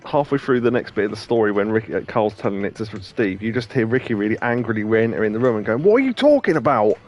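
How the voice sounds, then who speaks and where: A man's voice: lowish voice, steady tone, fast, darkish tone. A man co-hosting a let's play, chatting casually and telling rambling anecdotes with plenty of laughs. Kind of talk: casual chat over gameplay.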